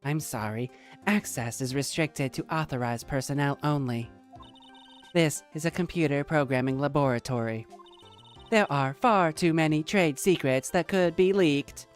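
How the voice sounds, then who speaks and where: A woman voicing a stern female office worker who speaks like a robot in a flat monotone. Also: deep voice, normal speed, soft background music, close to an everyday voice. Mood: cold robotic.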